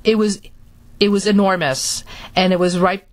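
A woman from Florida telling a personal story in a halting manner, with many restarts. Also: medium pitch, steady tone. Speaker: speaker recounting her experiences.

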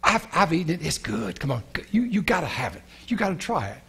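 A man voicing a sly serpent tempter in a sermon, wheedling and coaxing, with a husky voice. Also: high-pitched, very animated, a little fast, bright, forceful tone, voice pushed up, full character voice.

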